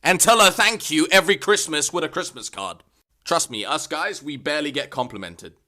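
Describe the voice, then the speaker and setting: A young man vents in a comic vlog rant, cursing freely and leaping from mutters to shouts. His voice runs high and lively. Its tone stays bright and forceful. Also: moderate pace. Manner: profane, exasperated ranting with sudden shouts. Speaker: vlogger.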